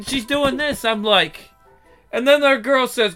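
High bright-voiced man telling stories. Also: slow pace, smooth, faint music behind. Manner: profane, acts out quoted dialogue. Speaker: storyteller. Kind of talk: casual storytelling.

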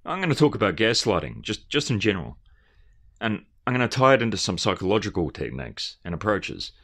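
A man's voice: fairly low pitch, big pitch swings, a little fast, fairly bright tone. A man giving a rambling, earnest and emphatic commentary, often restarting his phrases. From Australia.

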